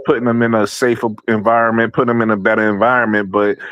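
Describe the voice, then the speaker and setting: A man's voice: fairly low pitch, flat delivery, fast talker, a bit bright. A man hosting a casual sports talk panel, easygoing as he steers the talk.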